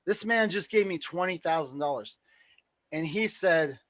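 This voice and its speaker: High-voiced excitable man telling a story. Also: moderate pace, no room sound. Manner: excitable, swears freely, acts out quoted dialogue. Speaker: live stream host and tournament promoter. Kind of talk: casual storytelling on a live stream.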